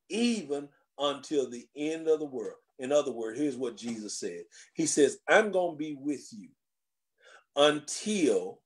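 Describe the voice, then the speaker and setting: Black pastor preaching with whooping cadence. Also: male voice, medium pitch. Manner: preaching with rising whooping cadence, drawn-out phrases. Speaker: senior pastor. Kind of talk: Black church sermon. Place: church sanctuary.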